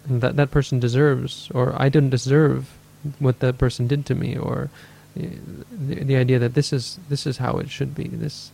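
Warm and creaky, this man's mid-range voice moves at a moderate pace with little pitch movement and hardly any pauses. A meditation teacher, he answers questions in a dharma talk, thinking aloud thoughtfully, correcting himself, and acting out inner voices.

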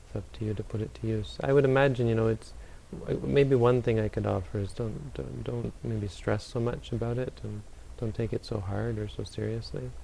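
A man who is a Buddhist meditation teacher, answering audience questions in a calm, unhurried, gently advising way. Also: medium pitch, gravelly, a little hiss or hum, poor audio.

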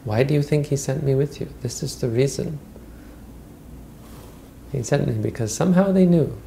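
A man voicing a calm and humble seven-year-old novice monk who speaks reverently. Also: mid-range voice, normal speed, creaky, slight background noise, voice pushed up. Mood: humble, earnest.

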